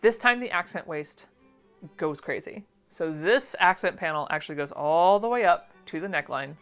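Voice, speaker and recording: A woman's voice: sits low, a bit bright, clear, resonant tone. A woman chatting casually through an unboxing, gushing and often trailing off mid-phrase. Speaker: vintage sewing pattern collector.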